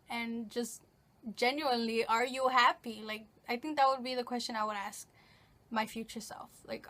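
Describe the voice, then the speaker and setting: A woman's voice: on the high side, sharp tone. A woman of nineteen answering questions in a casual, rambling vlog, full of fillers and restarts. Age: late teens. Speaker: vlogger. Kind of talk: casual get-to-know-me Q&A.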